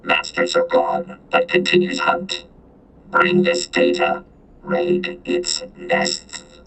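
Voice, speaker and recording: A man's voice: completely flat delivery, slow pace, fairly bright tone, faint music behind, heavily acted. A man voicing an ancient sentient vending machine that speaks in clipped, broken phrases through a synthesized, multitonal robotic voice. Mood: ominous. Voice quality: deep, gravelly, multitonal whining.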